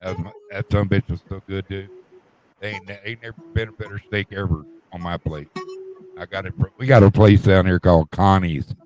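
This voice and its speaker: A man's voice: sits low, steady tone, fairly quick, a little mellow, slight background noise, low-quality recording. A man in casual, crude, joking banter, with a drawl. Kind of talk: casual chat.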